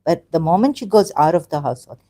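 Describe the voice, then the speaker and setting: A woman hosts a casual livestream about religion in a somewhat low, mellow voice with lively intonation. She talks haltingly, with fillers and quick apologies, before pushing her argument through pointed rhetorical questions.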